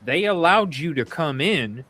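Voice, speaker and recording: A man's voice: fairly high pitch, lively intonation, a little slow, sharp tone. Blunt, swearing man hosting a talk show. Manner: blunt and opinionated, swears casually; rambling with frequent restarts. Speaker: podcast co-host. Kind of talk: casual true-crime talk show chat.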